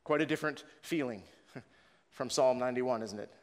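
A man's voice: mid-range voice, normal speed. A man preaching a sermon earnestly, with frequent repeated words and rising passion when reading scripture. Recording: long reverb of a large room.

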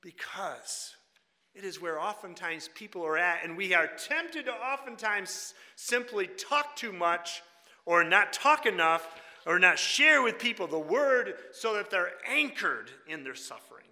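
Older male preacher, bright hall echo. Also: sits high, big pitch swings, measured pace. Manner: conversational with wry humor, drops to a hush for quotes. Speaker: guest preacher and Bible college teacher. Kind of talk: sermon. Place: church sanctuary.

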